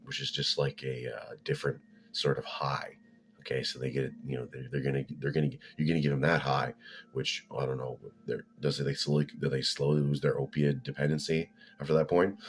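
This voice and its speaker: A man talking in a rambling, opinionated casual monologue, full of restarts and swearing. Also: very deep voice.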